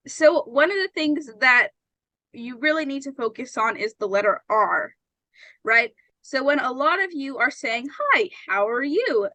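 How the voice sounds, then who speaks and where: A woman's voice: sits high, pushed and bright, dry recording, rough recording. A woman teaching an English pronunciation lesson, patient and often checking that her students understand.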